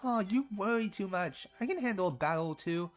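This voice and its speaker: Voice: mid-range voice, lively intonation, brisk, faint music behind, close to an everyday voice. A performer voicing a cheerful young woman cleric who teases her friends. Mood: breezy. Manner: bubbly, teasing.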